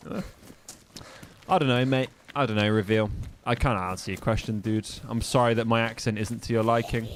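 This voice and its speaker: A young man from the English Midlands, with a neutral English accent, chats casually while streaming a game, swearing and joking around with his chat. His mid-range voice keeps a fairly even intonation at a moderate pace. There's a little hiss or hum in the recording.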